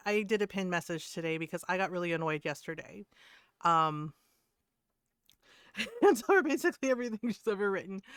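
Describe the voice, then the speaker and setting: A woman's voice: on the low side, fairly bright tone, clean tone, no echo, studio quality. A middle-aged woman streaming a game, chatting casually in a blunt, profane way and laughing often. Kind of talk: casual chat while gaming.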